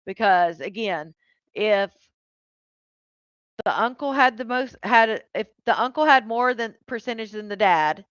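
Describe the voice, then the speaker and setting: A woman's voice: medium pitch, expressive, unhurried, a bit bright, smooth, no echo. A woman co-hosting a live chat, explaining her point emphatically and matter-of-factly. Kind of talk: casual chat. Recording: dry, slightly dull mic.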